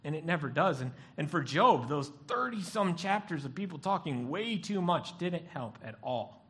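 In this sermon, a pastor with a voice on the high side brings his stories to life, acting out the voices of the people involved at an ordinary speed.

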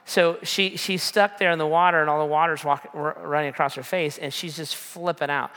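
A man's voice: on the high side, fairly even intonation, a little fast, bright, forceful tone, clean tone. A man preaching a sermon, telling a story in a casual, rambling way with many fillers. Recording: long reverb in a hall.

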